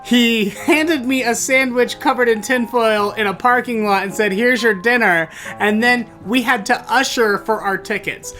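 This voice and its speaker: A man hosting a storytelling show, recounting a bad date in an animated, theatrical way that bursts into exclamations. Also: extremely high pitch, moderate pace, hardly any pauses, soft background music. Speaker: storytelling podcast host. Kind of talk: comedic personal storytelling.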